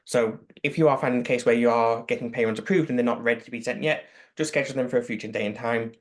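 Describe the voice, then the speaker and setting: Guy on a webinar call, average pitch, explaining product stuff step by step, very practical. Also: steady tone, quick pace. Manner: explanatory, matter-of-fact, practical. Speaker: product expert answering questions. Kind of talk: webinar Q&A answers.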